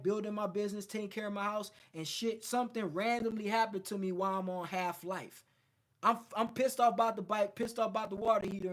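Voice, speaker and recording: A man with a fairly high voice talks straight to his viewers like a coach. His delivery is blunt and loose, salted with profanity and driven by storytelling from his own life. It sounds like an unscripted motivational livestream. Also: fairly bright tone. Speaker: men's self-improvement coach. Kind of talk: casual motivational livestream talk.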